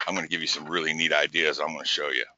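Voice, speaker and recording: A man hosting a live business webinar, talking in an energetic, repetitive, pushy coaching way. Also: rumbling low, racing, dry recording, highs cut off. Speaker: webinar host.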